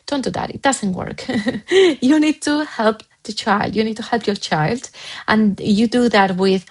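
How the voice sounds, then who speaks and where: A woman's voice: a little high, lively intonation, measured pace, low-quality recording. A woman parent coach giving earnest, emphatic advice straight to the viewer, often repeating her key points. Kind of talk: direct advice to camera.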